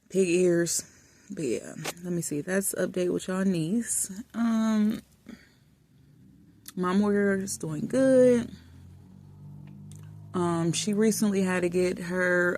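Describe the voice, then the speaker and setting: A woman vlogger chatting casually and affectionately while lying in bed in a dark room, often dropping to soft murmurs. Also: fairly low pitch, dry recording. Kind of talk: casual chat.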